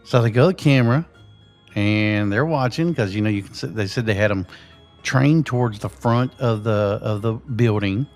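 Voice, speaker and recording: A man's voice: on the low side, normal speed, soft background music. A man, the show's host, casually telling a ghost story in a rambling way with lots of fillers. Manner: rambling, full of "you know" fillers.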